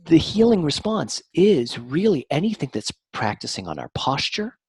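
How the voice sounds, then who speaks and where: A man speaking as a therapist guest, explaining in an animated, teacherly way and shifting his intonation on purpose. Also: on the high side, moderate pace, breathy edge, no room sound. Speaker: mind-body therapist guest. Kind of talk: explanatory interview talk.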